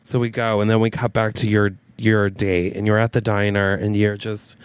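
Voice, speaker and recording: A man co-hosting a comedy podcast, improvising a romance plot and quickly slipping into quoted lines. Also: on the low side, little pitch movement, smooth, no room sound. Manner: narrates a scene and quickly switches into quoted voices. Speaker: podcast co-host.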